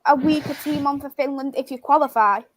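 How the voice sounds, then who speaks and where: High-voiced woman co-hosting a stream. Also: brisk, slight background noise. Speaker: co-host reading viewer comments. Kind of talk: casual live-stream chat.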